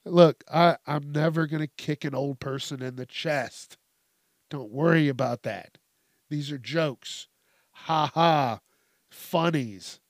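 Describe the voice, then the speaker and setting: A man's voice: a little high, takes it slowly, no echo, studio quality. A young man hosting a comedy podcast, ranting in a rambling, profane way and laughing at his own jokes. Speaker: podcast host.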